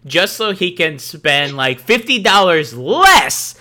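Lively, joking male podcast co-host. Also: high-pitched, slow pace. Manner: reactive, joking, profane. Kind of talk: casual podcast chat.

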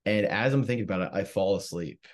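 A very deep-voiced young man from South Jersey spins a long story in loose, casual chat. He swears freely and tells it with animated energy. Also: quick pace. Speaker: comedian guest.

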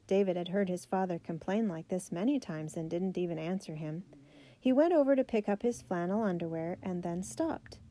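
A woman narrating a children's biography aloud, steady and gentle. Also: on the low side, moderate pace.

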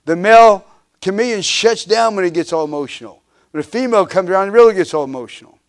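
A man in his fifties, a pastor, delivers a sermon quickly in a high-sitting, clean-toned voice. He hammers on repeated refrains, lets his volume climb and sink, and stumbles into frequent restarts and filler "uhs."

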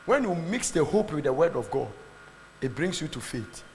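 A man preaching a fervent sermon, swinging between shouts and low asides. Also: big pitch swings, moderate pace. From Ghana. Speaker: pastor. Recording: long hall reverb, faint background noise.

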